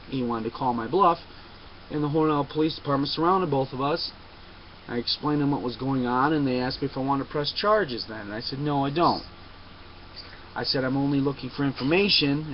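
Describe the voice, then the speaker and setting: A man telling a long personal story to a webcam, emphatic and insistent, often digressing. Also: medium pitch. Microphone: webcam mic. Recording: dull lo-fi webcam audio with faint noise.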